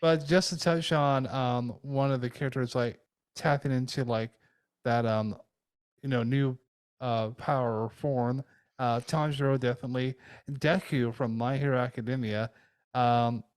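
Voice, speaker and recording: Smooth-voiced man, hesitant and dry. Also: mid-range voice, steady tone, unhurried, no echo. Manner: hesitant, searching for words. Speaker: podcast guest. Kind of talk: casual chat.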